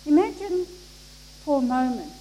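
A woman preaching a sermon, acting out the people in the story with expressive delivery. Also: high voice, normal speed. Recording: echoey hall with faint noise.

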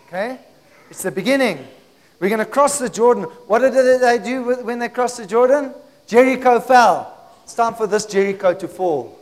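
A pastor preaching a sermon in a church hall, with call-and-response, swinging from hushed to shouting. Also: male voice, high-pitched.

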